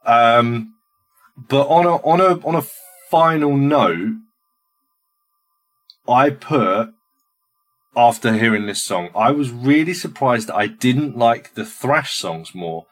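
A man's voice: mid-range voice, animated, slow pace, long pauses. A man co-hosting a podcast, sharing his reactions to music in a casual, hesitant way, with frequent restarts and filler sounds.

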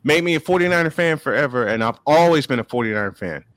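A man from Chicago hosting a casual sports chat, animated and quick to laugh. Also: medium pitch, no echo. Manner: lively, animated, laughs often. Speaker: host.

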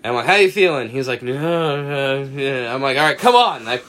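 A man's voice: mid-range voice, normal speed. A young man co-hosting a podcast, telling a long story in casual chat, acting out the quoted lines and swearing freely. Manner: animated anecdote teller, acts out quotes, swears often. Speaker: podcast co-host.

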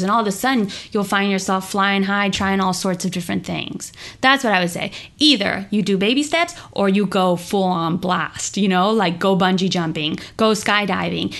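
A woman yoga teacher talking with passion and emphasis in a podcast interview, often jumping up in pitch. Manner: passionate, emphatic, swings high and animated.

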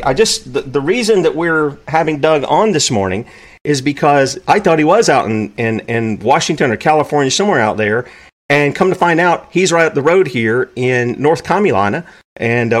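A man hosting a live show, talking casually and rambling with many fillers. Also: a little high. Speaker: host. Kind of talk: casual live-stream talk.

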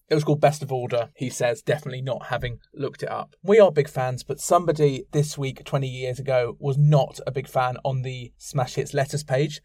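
A man's voice: mid-range voice, darkish tone, dry recording. Wry man hosting a podcast. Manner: wry, self-mocking asides. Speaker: podcast host. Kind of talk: chart countdown commentary.

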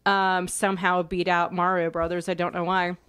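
Smooth-voiced woman, wry and teasing. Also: on the low side, flat delivery, a bit bright. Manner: wry, teasing, quick opinions. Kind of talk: casual chat.

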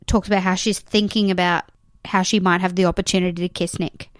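A woman's voice: on the low side, flat delivery, a little fast, dry recording, studio quality. A young Australian woman co-hosting a podcast in a room at home, chatting casually and teasingly, giggling often and rambling with fillers. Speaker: podcast co-host. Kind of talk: casual chat. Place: room in a house.

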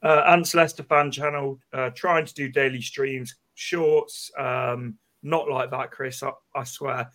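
Measured football fan guest. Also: male voice, medium pitch, steady tone, a bit bright. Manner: measured, hedging with fillers. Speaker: guest, fan channel creator. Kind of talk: casual football chat.

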